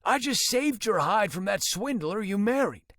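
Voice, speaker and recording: A man's voice: high voice, animated, measured pace, a bit bright, no echo, clean studio sound, pitched above the performer's own voice, exaggerated voice. A male audiobook narrator voicing a smug adult brother who answers in a defensive, self-justifying way.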